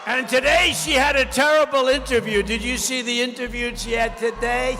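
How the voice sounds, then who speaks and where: Man, campaign rally speech, very high-pitched, emphatic, repetitive, shouting, long hall reverb. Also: steady tone, moderate pace, few pauses, soft background music. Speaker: political candidate. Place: large rally venue.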